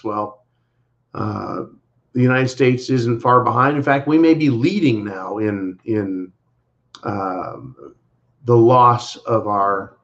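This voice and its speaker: A man co-hosting a livestream, giving casual political commentary in an emphatic, repetitive way and speaking to viewers as "folks". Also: medium pitch. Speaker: livestream co-host. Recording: dull lo-fi livestream audio.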